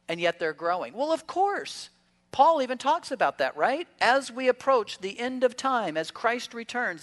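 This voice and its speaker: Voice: mid-range voice, a bit bright. A pastor delivering a Sunday sermon to a congregation. The preaching is conversational, with questions put to the room and humorous asides mixed into the teaching. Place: church service.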